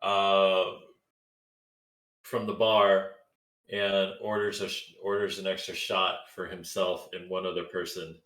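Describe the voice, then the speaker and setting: A man playing in a tabletop game, slowly and haltingly describing what his character does. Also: low-pitched, little pitch movement, fairly bright tone, roomy sound, poor audio. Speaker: player. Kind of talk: casual tabletop play.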